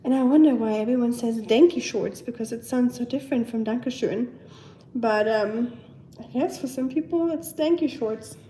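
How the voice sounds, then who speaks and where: A young German woman with a German accent, a bit hoarse from a cold, chatting casually on a home live stream, reading viewer comments and talking to her pets. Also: on the high side, moderate pace, mellow. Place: at home, indoors.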